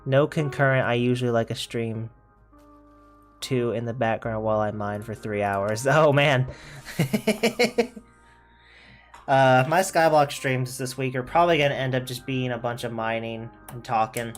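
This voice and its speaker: A man's voice: medium pitch, measured pace, soft background music. A young man streaming a video game, chatting in a laid-back, rambling way and laughing often. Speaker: gaming streamer. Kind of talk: casual chat while playing.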